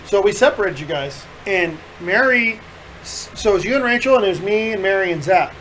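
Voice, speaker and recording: A man with a notably high voice hosts a casual podcast, telling a rowdy story with lots of swearing and laughter. His delivery is animated and loose, like chatting with friends. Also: a little fast, slight background noise, low-quality recording. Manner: animated, profane storyteller who laughs through the punchlines. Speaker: podcast host.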